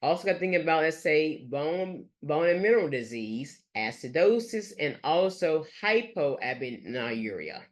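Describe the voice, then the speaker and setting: A nurse educator giving a recorded lecture over slides, speaking haltingly and leaning on fillers and restarts. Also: medium pitch, big pitch swings. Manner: halting, with frequent fillers like "let's say" and "gonna".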